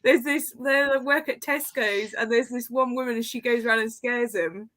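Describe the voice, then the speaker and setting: A woman in a casual chat with friends, talking in an excitable, lively way. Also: fairly high pitch, normal speed, no room sound.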